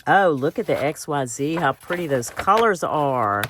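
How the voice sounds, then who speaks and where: A woman's voice: low-pitched, expressive, normal speed, fairly bright tone, a little hiss or hum. A woman hosting a craft video, chatting casually and thinking aloud as she cuts out pictures.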